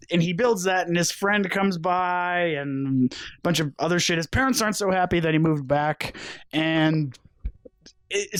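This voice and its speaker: A man's voice: a little high, no room sound. A young man co-hosting a podcast, rambling through a movie recap with sarcastic, crude jokes. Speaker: podcast co-host. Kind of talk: casual chat.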